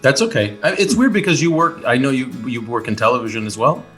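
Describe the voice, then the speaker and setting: A man's voice: medium pitch, big pitch swings, quick pace, fairly bright tone, soft background music. A middle-aged Canadian man, a guest actor, rambling playfully in casual comedic chat on a podcast. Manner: rambling, playful, does silly voices.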